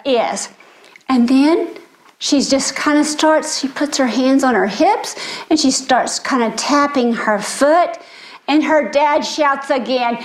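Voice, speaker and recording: A woman's voice: sits high, expressive, slow pace. An older woman with grandchildren, giving a sermon in an earnest storytelling way. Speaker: speaker.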